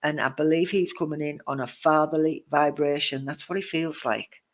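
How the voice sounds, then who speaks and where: A man's voice: a little high, fairly even intonation, moderate pace. A man giving a live-streamed psychic reading, reassuring the viewer with endearments and greeting others as they join. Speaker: psychic medium.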